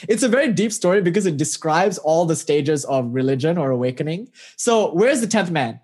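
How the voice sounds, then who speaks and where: A spiritual teacher telling parables in an animated, casual way, often asking the listener rhetorical questions. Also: mid-range voice, fairly quick, husky. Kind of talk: storytelling talk with parables.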